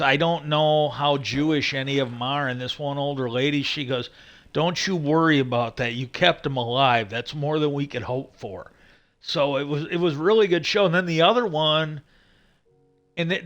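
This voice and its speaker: A man's voice: a little high, bright, forceful tone. A man chatting casually as a streamer, rambling with many fillers, restarts and swearing. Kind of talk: casual chat.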